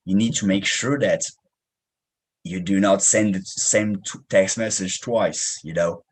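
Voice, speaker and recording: A young man with a French accent giving an energetic, punchy sales training talk, slangy and direct. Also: low-pitched, unhurried, breathy edge, poor audio. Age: young adult. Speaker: sales coach.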